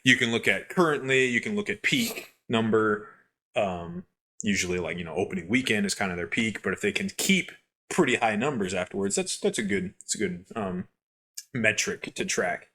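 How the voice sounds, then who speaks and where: A young man co-hosting a podcast who tells gaming stories in a rambling, animated way with lots of fillers. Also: lowish voice, moderate pace. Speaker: podcast co-host. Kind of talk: casual chat, storytelling.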